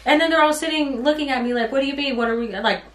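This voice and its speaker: A woman's voice: high-pitched, quick pace, fairly bright tone. Exasperated young woman ranting a story. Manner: exasperated, rambling storytelling with quoted voices. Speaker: vlogger. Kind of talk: story time rant. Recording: roomy sound from a bit off mic.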